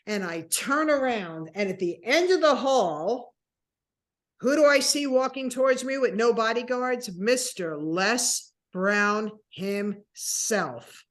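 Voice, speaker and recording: Animated woman in her sixties telling a story. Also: on the high side, slow. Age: 60s. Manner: animated storyteller acting out dialogue. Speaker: interview guest. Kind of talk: personal storytelling.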